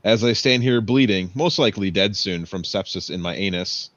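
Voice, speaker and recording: A man's voice: on the low side, normal speed, fairly bright tone, no echo. A man playing a tabletop game, making mock-grand joking speeches in character. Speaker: player. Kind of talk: in-character tabletop role-play. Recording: dry, dull lo-fi stream audio.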